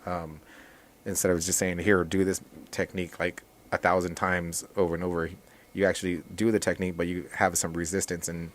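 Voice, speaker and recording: A man with a very low voice, talking casually as a podcast guest. He rambles in a relaxed way, restarting his sentences and filling pauses as he explains how he teaches. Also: a little hiss or hum. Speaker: jiu-jitsu instructor and guest.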